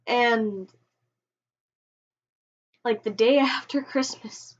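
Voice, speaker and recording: A woman telling a personal story on a vlog, emotional and halting, often restarting her sentences. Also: a little high. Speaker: vlogger. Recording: dull lo-fi home recording.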